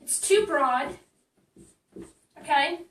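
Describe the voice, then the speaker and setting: High-voiced woman, echoey and off-mic. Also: expressive, very slow, a bit bright, distant mic. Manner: chatty and blunt, with many fillers and restarts. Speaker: marketing coach. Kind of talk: casual live-stream teaching.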